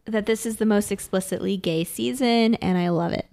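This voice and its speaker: A woman's voice: medium pitch, normal speed, gravelly, dark tone. A woman co-hosting a podcast, chatting casually and laughing often as she rambles through an episode recap. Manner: giggly, rambling recap with fillers. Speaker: podcast co-host. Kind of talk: casual anime recap chat.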